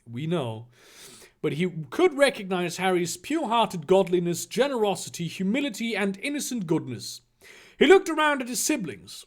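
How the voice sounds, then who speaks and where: A man reading fan fiction aloud with sarcastic, swearing asides. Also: high-pitched. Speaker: reader.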